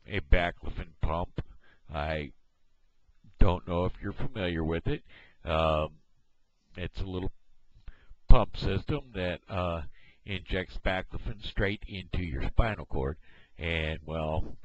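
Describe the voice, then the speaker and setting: Deep-voiced man with a halting vlog delivery. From Missouri, USA. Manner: halting, many fillers and restarts. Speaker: video blogger. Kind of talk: casual talk to camera. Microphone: headset microphone. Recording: dull lo-fi headset mic.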